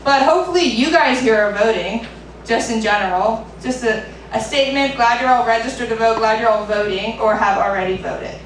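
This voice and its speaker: A woman's voice: on the high side, a little fast, recorded from a distance. A woman doing an open mic stand-up set, chatty with lots of "like" asides. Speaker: stand-up comedian. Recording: very echoey room, mic from afar, faint noise.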